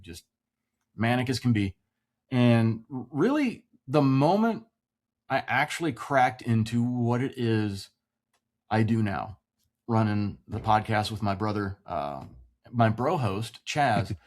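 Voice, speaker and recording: Brief: man in his 40s, veteran podcast guest, animated storyteller, salty and casual. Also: lowish voice. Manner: animated, swears freely, acts out quoted voices.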